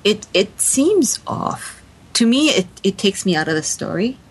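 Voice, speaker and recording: A woman on a podcast panel, talking quickly and animatedly with frequent restarts in casual discussion. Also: medium pitch, sing-song, slightly rough, rough recording.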